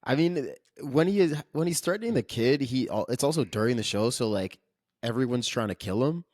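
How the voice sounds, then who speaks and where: A podcast co-host with a mid-range, expressive voice talks a little fast in a slightly mellow tone, recorded at studio quality with no room sound. He chats casually and thoughtfully about a film, hedging his points and filling them with lots of "like."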